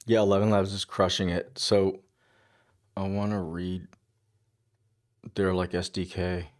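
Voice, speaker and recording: A man's voice: deep voice, little pitch movement, a little slow. A man streaming his coding work, thinking aloud in a casual, musing way, often muttering half-finished asides to himself. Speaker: developer livestreaming his coding.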